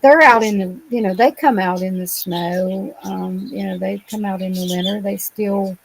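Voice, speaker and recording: A woman from Ohio, speaking as a guest on a remote call, lets her stories run on with lots of "you know" and "um." Her voice sits at an ordinary middle pitch, and she paints scenes in vivid detail. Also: steady tone, moderate pace, creaky, rough recording. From Ohio, USA. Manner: rambling, vivid retelling with many fillers. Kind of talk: casual storytelling interview. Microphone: remote call microphone.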